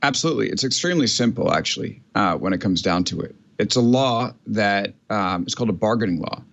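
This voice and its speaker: A man appearing as a guest journalist, explaining a topic clearly in an interview. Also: fairly low pitch, muffled recording. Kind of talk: interview answers.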